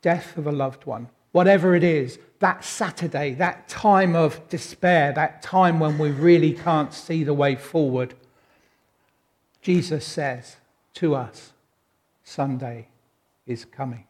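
A middle-aged man preaching a sermon, reflective and unhurried, with wry self-deprecating asides. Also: a little high, darkish tone.

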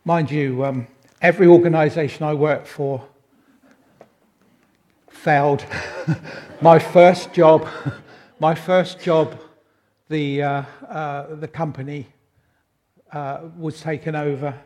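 Middle-aged man, sermon delivery, slightly high voice, measured, reflective with a dry, self-mocking wit. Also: steady tone, a little mellow. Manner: unhurried, reflective, with wry self-deprecating asides. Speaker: preacher.

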